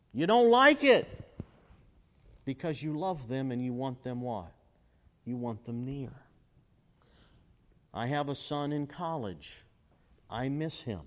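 A middle-aged man preaching a sermon, asking the crowd questions and swinging between loud and quiet. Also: slow. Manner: call-and-response questions, dramatic swings in pitch and volume. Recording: long hall reverb.

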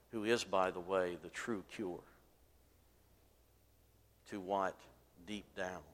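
A man's voice: lowish voice, fairly bright tone. A man preaching a sermon from the pulpit, telling a story and acting out its voices with rising force. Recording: long hall reverb.

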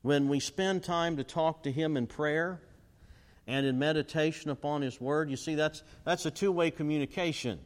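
A middle-aged man preaching a sermon, asking the crowd questions and swinging between loud and quiet. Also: normal speed. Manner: call-and-response questions, dramatic swings in pitch and volume. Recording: long hall reverb.

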